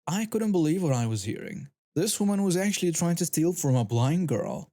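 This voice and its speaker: A man giving a steady, scripted first-person narration of a story. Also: on the high side, fairly quick, few pauses.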